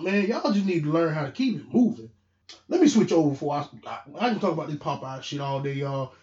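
Animated young man ranting on a podcast. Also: on the high side. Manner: animated, profane, rising to near shouts when heated. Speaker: podcast host. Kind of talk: casual solo podcast rant. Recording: echoey, dull lo-fi room.

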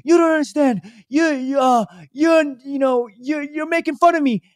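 A man voicing a belligerent short older man with a raspy voice, whining and shouting indignantly. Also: very high-pitched, normal speed, dry recording, clean studio sound, voice pushed up.

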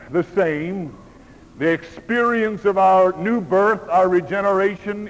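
Male pastor, fairly high voice, deliberate sermon pacing, big echoing church hall. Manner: slow, measured preaching with emphatic pauses. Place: church auditorium. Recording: long hall reverb.

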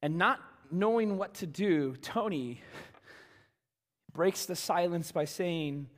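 A male pastor preaching a sermon, telling a story with animated delivery that swings from hushed to loud and emphatic. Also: high voice, slow. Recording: reverberant church hall.

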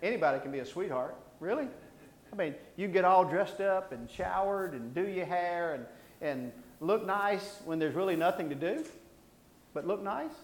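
A man's voice: sits high, animated, normal speed. A middle-aged man, preaching a sermon in a folksy, rambling way full of self-deprecating humor. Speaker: pastor. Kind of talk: sermon with personal storytelling. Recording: roomy echo.

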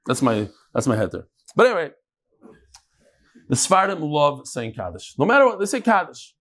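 Guy giving a talmud shiur, kinda high voice, jokes around a lot, tosses in hebrew and yiddish words. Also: normal speed. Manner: lively, joking, full of Hebrew and Yiddish terms. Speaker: Talmud teacher. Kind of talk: daf lesson to a live class.

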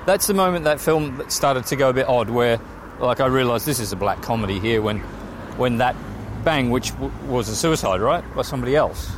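Man, mid-pitched, easygoing film chat, loud street noise. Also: animated, a little fast, hardly any pauses. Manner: laid-back, swears casually. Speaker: film discussion co-host. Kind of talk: casual chat while walking. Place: city street outdoors. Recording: street noise from passing traffic. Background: traffic noise.

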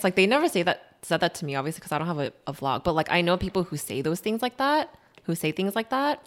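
A woman's voice: on the low side, quick pace. A young adult woman co-hosting a podcast, ranting in casual chat and filling her talk with "like". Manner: ranting, animated, heavy use of "like". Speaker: podcast co-host.

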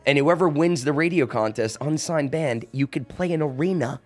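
Man telling an animated anecdote. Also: fairly high pitch, moderate pace, faint music behind. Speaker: musician guest. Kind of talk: casual storytelling.

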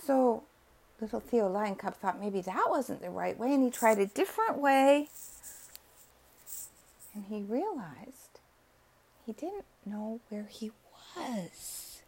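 A woman narrating a bedtime story softly and slowly, often sinking into whispers. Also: medium pitch, big pitch swings, breathy edge. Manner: soft and slow, dropping to whispers.

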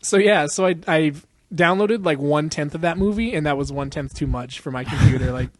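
A man's voice: fairly high pitch, fairly quick, dry recording. A young man co-hosting a podcast in casual chat, rambling and profane, laughing often and acting out quotes. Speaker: podcast co-host.

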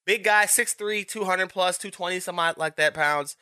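A man in his thirties hosts a casual sports talk show, working through opinions in a loose, rambling way full of restarts. His voice is strikingly bright and pressed, sitting a little high for a man. The recording is dry and close, with no room sound. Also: moderate pace, smooth, dry recording. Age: 30s. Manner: conversational, rambling with frequent restarts and fillers. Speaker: sports podcast host.

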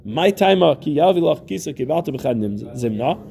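A man giving a Talmud lesson in a mellow, gravelly voice. He reads each line of text aloud and then restates it in plain words, circling back over his phrases. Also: fairly high pitch, animated, a little fast. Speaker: Talmud teacher.

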